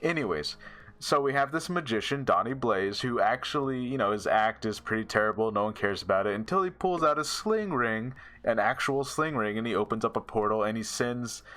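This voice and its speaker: Bright-voiced rambling male reviewer. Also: mid-range voice, expressive, fairly quick. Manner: rambling, frequent fillers and laughs. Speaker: show reviewer. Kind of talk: casual episode review.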